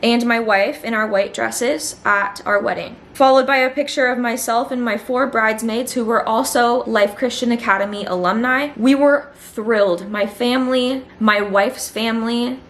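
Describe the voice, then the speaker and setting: A woman's voice: on the high side, steady tone, normal speed, hardly any pauses. Indignant young woman speaking to camera. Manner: indignant, emphatic, repeats phrases for effect. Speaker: former student, vlogger. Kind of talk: direct-to-camera vlog monologue.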